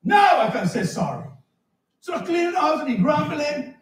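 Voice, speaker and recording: Pastor guy preaching, real high voice, swings up and down, echoey church from far off. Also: moderate pace. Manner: animated, shouting at times, storytelling with acted dialogue. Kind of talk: sermon. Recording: echoey church hall, mic at a distance. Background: congregation answering.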